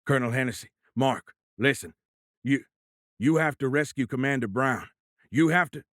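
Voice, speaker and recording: A man voicing a middle-aged government director, gruff and urgent over a phone line, at times choked with grief. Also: medium pitch, moderate pace, no room sound, clean studio sound, pitched above the performer's own voice, close to an everyday voice.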